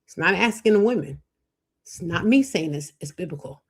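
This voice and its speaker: A middle-aged woman hosting a live faith-based talk on marriage, preachy and animated, acting out quoted voices. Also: on the low side, normal speed, husky. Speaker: show host.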